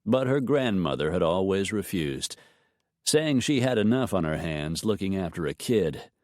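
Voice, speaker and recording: Low-voiced male audiobook narrator, unhurried with animated pitch. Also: no room sound, studio quality. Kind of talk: scripted narration.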